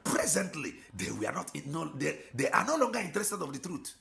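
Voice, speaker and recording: A man's voice: on the high side, big pitch swings, brisk, vocal fry, few pauses, pushed and bright. A man with an Igbo Nigerian accent preaching an impassioned sermon, exhorting with rhetorical questions and slipping in and out of Igbo.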